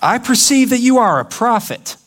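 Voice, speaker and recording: A man's voice: extremely high pitch, sing-song, normal speed, a bit bright. A male pastor preaching a sermon, acting out the voices of the people he quotes. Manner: dramatic, acts out quoted voices. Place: church.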